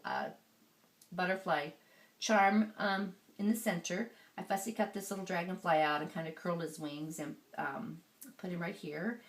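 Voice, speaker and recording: Lady walking thru her handmade mini album, chatty w lots of ums, kinda gravelly lowish voice. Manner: chatty, relaxed, frequent ums while handling pages. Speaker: scrapbooking crafter. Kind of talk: casual craft show-and-tell.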